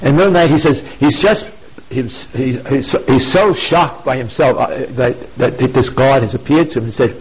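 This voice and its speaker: Husky man telling a story with a moral. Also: medium pitch, normal speed. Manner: storytelling, rhetorical "you see?" asides, emphatic repetition. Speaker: pro-life speaker. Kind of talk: informal moral talk, retelling a classic story. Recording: dull lo-fi recording.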